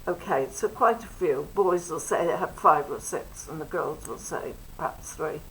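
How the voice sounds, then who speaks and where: An older woman teacher explaining vowel sounds, drawing out and exaggerating each vowel in a slow, deliberate way. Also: low voice, fairly bright tone, poor audio. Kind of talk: phonics lesson. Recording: faint background noise.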